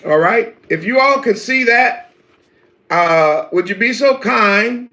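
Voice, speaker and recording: A man teaching an online scripture lesson, animated and preacher-like, talking straight to his viewers. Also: high-pitched, slow, reverberant. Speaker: Bible teacher.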